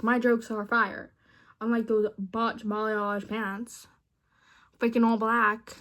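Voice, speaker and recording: A young woman with a slightly high voice chats with a chatbot in a loose, rambling way. She is playful and often drops to mumbled asides between her lines. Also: little pitch movement, takes it slowly, a bit bright. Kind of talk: casual chat with a chatbot.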